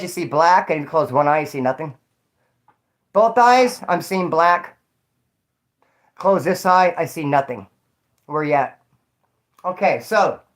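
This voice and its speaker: A man's voice: a little high, a bit bright. A young man from Northern California telling a rambling, slangy, profane story on a casual livestream.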